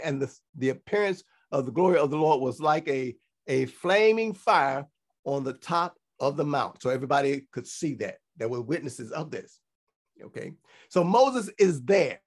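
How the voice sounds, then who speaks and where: A man with a somewhat high voice delivers a sermon. He reads scripture aloud and then explains it in plain teaching talk. He often restarts his phrases and checks in with his listeners. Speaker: teacher of a congregation.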